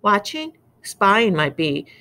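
A woman's voice: mid-range voice, very animated, slow pace, pushed and bright, voice pushed up, full character voice. A woman doing a blustering bully uncle. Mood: flustered. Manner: sneering, roaring, gruff.

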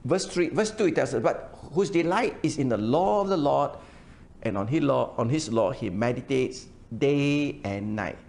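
Older pastor with a gravelly voice. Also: male voice, mid-range voice, animated, normal speed, a little mellow. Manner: frequent hesitations, repeats words, explains verse by verse. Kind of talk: sermon. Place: church.

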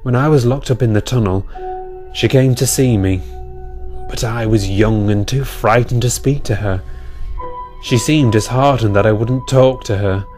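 A man's voice: medium pitch, moderate pace, darkish tone, faint music behind, close to an everyday voice. A man voicing a nervous male steam engine confessing with regret. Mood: regretful.

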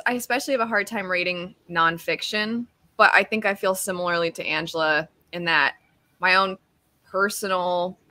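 A woman's voice: mid-range voice, bright, forceful tone, no room sound. A woman guest in a casual book chat on a video call, playful and telling little stories.

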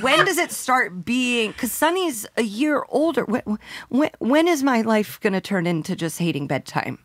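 A woman's voice: fairly high pitch, moderate pace, no echo, studio quality. A woman in her thirties co-hosting a casual podcast chat, acting out the voices of the people she quotes. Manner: animated, acts out quoted voices. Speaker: podcast co-host.

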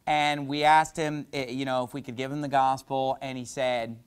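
A man's voice: mid-range voice, level tone, moderate pace, clear, resonant tone. A middle-aged male pastor preaching a sermon, telling stories in a loose, conversational way with lots of "you know".

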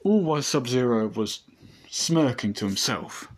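A man's voice: medium pitch, expressive, normal speed. A man reading a fan story aloud, rambling with frequent restarts and asides.

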